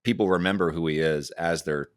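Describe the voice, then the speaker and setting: A man in a casual movie review chat, speaking in a relaxed, halting way as he gathers his thoughts. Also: deep voice, no echo, clean studio sound. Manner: relaxed, halting with fillers and restarts. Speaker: co-host film reviewer.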